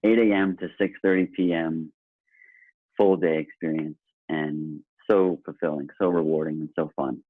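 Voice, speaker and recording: Deep, husky man on a tinny line. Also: steady tone, normal speed, dry recording. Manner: earnest, enthusiastic storyteller. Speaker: guest. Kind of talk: casual podcast conversation. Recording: tinny phone-line sound.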